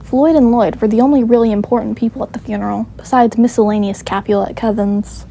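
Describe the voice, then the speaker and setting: A woman's voice: a little high, fairly even intonation, fairly quick, creaky, dark tone, a little hiss or hum, low-quality recording. A woman reading her own story aloud in a casual, offhand way, laughing and commenting on it as she goes. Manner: offhand, giggly, self-commenting.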